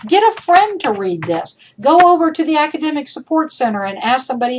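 Woman, college instructor, slightly high voice, direct chatty feedback, repeats points, voice going hoarse. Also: sing-song, fast, hardly any pauses, slight background noise, low-quality recording. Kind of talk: recorded lecture feedback over screen demo.

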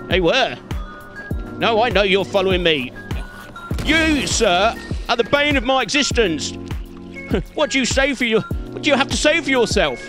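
Male gamer, very high bright voice, goofy theatrical commentary, music underneath. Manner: silly, theatrical, talks back at the game. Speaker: gaming channel host. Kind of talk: playful let's-play commentary.

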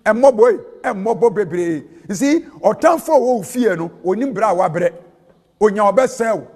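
High-voiced Ghanaian preacher in a reverberant hall. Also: male voice, lively intonation, normal speed, a little mellow. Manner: mixes in local-language phrases, sing-song preaching cadence. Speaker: prophet and preacher. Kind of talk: sermon. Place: large church hall.

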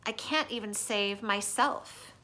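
A gentle, weary silverback gorilla speaks slowly and quietly , as a woman reads his words aloud. His downcast lines come in a bright, clear tone, from the pages of a storybook. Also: mid-range voice.

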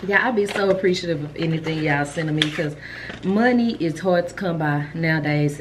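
A woman in her fifties, a chatty and excitable vlogger who talks straight to her viewers from home. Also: low-pitched, a little fast, noisy background. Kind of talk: casual vlog chat.

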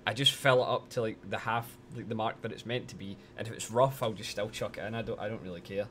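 A man's voice: on the low side, fairly even intonation, quick pace, a bit bright, a little hiss or hum. A man chatting casually on a live stream, teasing his chat and swearing a lot while complaining that he is cold.

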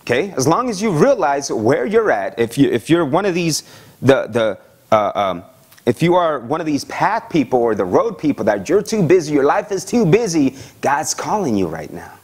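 A male pastor preaching a sermon in a conversational, animated way, often checking in with "okay?" and acting out the voices of the people he describes. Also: on the high side, normal speed, slightly rough. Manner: acts out voices of excited young believers.

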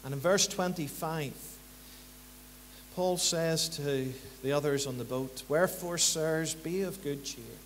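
A man preaching a sermon in church, building to emphatic rhythmic repetitions and then dropping low and quiet. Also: a little slow. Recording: church hall reverb, faint hum.

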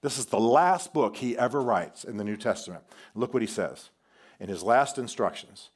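A man preaching a sermon in a church, telling a story with animation and swinging from loud declarations to quiet asides. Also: on the low side, lively intonation, moderate pace, slightly rough. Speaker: guest preacher. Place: church sanctuary.

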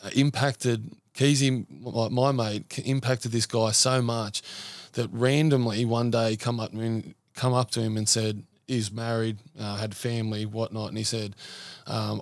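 A man's voice: fairly low pitch, flat delivery, unhurried, dry recording. An Australian man talking earnestly as a podcast guest, rambling through stories with lots of fillers. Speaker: podcast guest, men's mental health support worker. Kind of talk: casual conversational interview.

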